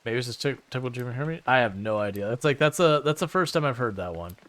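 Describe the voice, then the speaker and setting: A man's voice: medium pitch, lively intonation, fast talker, a bit bright. Rambling, chatty male streamer. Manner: rambling, chatty, sarcastic asides to chat. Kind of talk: casual live-stream chat while playing.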